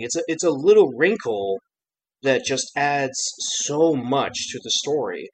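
A man co-hosting a casual discussion podcast, chatty and animated, often laughing and quoting lines. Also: medium pitch, unhurried, a little hiss or hum, low-quality recording. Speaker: podcast co-host.

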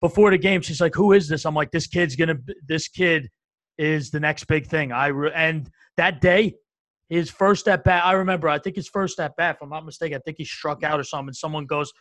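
A man with a fairly high voice tells stories with excitement in a casual sports chat. The sound is dry and close. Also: a little fast, dry recording. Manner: excitable storyteller.

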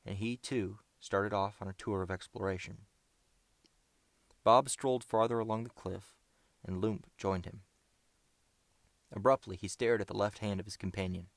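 Steady, measured male narrator with a deep voice and some fry. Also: dry recording. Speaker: audiobook narrator. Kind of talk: scripted audiobook narration.

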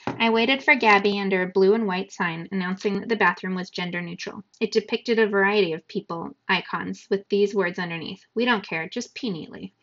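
A woman reading a novel aloud to students in an even, measured storytelling manner. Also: mid-range voice. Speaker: reader. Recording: dull lo-fi recording.

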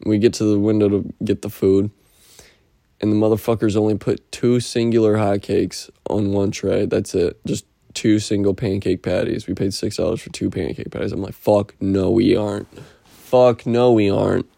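A man's voice: lowish voice, little pitch movement, moderate pace, vocal fry, mellow, no room sound, clean studio sound. A man rambling through a casual, profane weekly update, telling stories and slipping into impressions. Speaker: podcast host.

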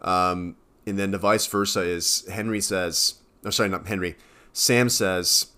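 Male podcast co-host, lowish voice, loose rambling delivery full of fillers and self-corrections. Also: steady tone, unhurried, sharp tone, clear, resonant tone. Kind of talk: casual chat.

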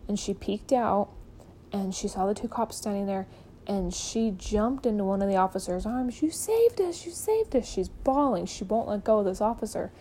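A woman's voice: mid-range voice, steady tone, normal speed, warm tone, a little hiss or hum, rough recording. A woman hosting a podcast, retelling a true-crime case in a casual, chatty way full of "like" and "um", acting out the people she quotes. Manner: chatty, peppered with "like" and "um". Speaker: podcast host.

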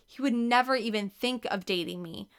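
A woman's voice: on the high side, normal speed, clean tone, close to an everyday voice. A woman voicing a lovestruck, determined eleven-year-old girl, earnest and wistful.

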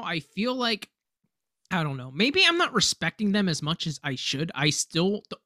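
A man's voice: sits high, sharp tone, no room sound, clean studio sound. A man in casual podcast chat, ranting animatedly and swearing, sometimes mimicking others in a mocking voice. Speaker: podcast co-host. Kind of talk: casual chat about fantasy football.

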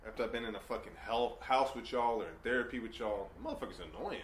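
A man hosting a podcast in casual chat, joking, swearing, and telling animated stories. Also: medium pitch, fast talker. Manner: profane, joking, animated storytelling. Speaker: podcast host. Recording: echoey room with faint background noise.

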